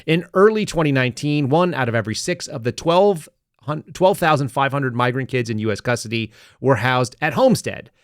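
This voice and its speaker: Man, podcast host, sarcastic political commentary, rambling, mid pitch, dry close sound. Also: expressive, brisk, dry recording.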